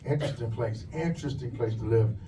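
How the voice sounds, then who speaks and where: A man doing a stand-up comedy set in a club, telling crude, punchy stories with quick asides. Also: mid-range voice, mellow, recorded from a distance, slight background noise, low-quality recording. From lives in the USA.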